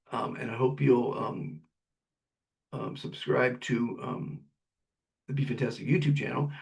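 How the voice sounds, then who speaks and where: An older man hosts a podcast in a motivational monologue. His voice is gravelly, set at a middling pitch. He talks in an upbeat, preachy way and keeps coming back to the same slogans. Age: 70s. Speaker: podcast host.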